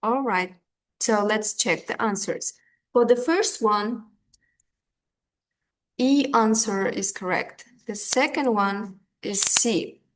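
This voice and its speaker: Woman teacher, unhurried, patient, filler words. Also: medium pitch. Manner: slow, patient, with fillers and restarts. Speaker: English teacher. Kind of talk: online language lesson.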